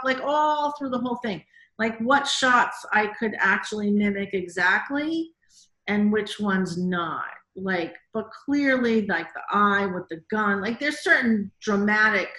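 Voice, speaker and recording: A woman director speaking in an interview, telling animated stories full of quoted reactions and frequent "like"s. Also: a little high, reverberant. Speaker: guest, TV director. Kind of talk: casual interview storytelling.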